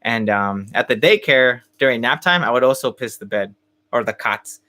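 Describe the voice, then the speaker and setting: A man's voice: mid-range voice, animated, moderate pace, sharp tone. A young man hosting a podcast, telling a story in casual chat with many fillers and restarts. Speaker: podcast host.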